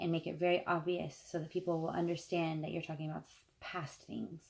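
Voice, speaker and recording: A woman giving a patient spoken grammar lesson, slowing down to stress key words. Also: fairly low pitch, little pitch movement, darkish tone. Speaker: language teacher.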